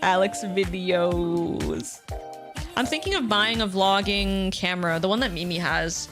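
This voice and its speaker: A woman streamer hosting a watch party, chatting excitedly with her viewers about the match. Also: mid-range voice, measured pace, music in the background. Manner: excitable, exclamatory, chatty with chat. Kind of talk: casual livestream chat over a match.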